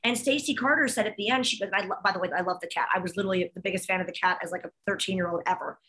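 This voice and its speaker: A woman's voice: mid-range voice, steady tone, very fast, bright, forceful tone. A woman co-hosting a chat show, talking in a gushing, emotional, effusive way. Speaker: podcast co-host. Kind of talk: casual chat.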